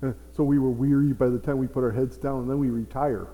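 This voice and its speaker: A man's voice: medium pitch, fairly even intonation, fast, narrow, tinny audio, slight background noise. A man preaching a sermon as pastor, with playful asides to his congregation. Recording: reverberant hall.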